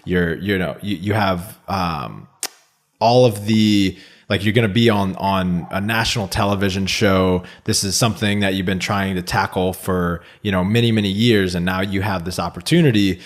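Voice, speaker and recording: A man hosting a podcast, asking questions in a halting way with many restarts. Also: low-pitched. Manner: halting, stumbles and restarts words. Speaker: podcast host. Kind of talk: casual interview questions.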